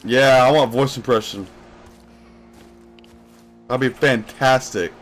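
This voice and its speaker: A young male streamer chatting loosely with his viewers mid-game, wandering from thought to thought and answering their questions as they come in. His voice sits at an ordinary middle pitch, with faint game music running underneath. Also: takes it slowly. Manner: rambling, talks straight to viewers, answers chat questions. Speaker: live streamer. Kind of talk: casual live-stream chat while gaming.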